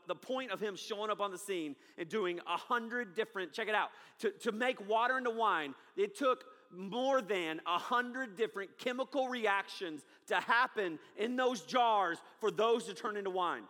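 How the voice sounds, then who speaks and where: A man in his thirties preaching a sermon with lots of energy, swinging from loud to hushed. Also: sits high, lively intonation, normal speed, hardly any pauses, in a large hall. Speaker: pastor.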